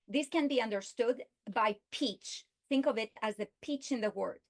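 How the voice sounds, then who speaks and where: A woman giving a recorded literacy lesson, speaking slowly and deliberately and stressing each example word. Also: fairly high pitch, gravelly. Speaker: teacher.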